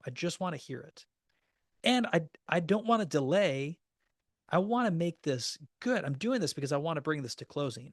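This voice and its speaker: A man's voice: on the high side, dry recording, studio quality. A man teaching agents how to make and negotiate offers, speaking in a practical coaching tone and acting out sample calls. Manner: practical, coaching tone with acted phone scripts. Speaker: real estate trainer. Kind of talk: recorded training class.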